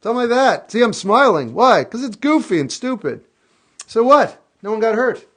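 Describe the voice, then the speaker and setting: Man, high voice, live stream host, casual advice, goofy outbursts. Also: moderate pace. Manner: animated, goofy bursts of shouting; reflective, candid advice.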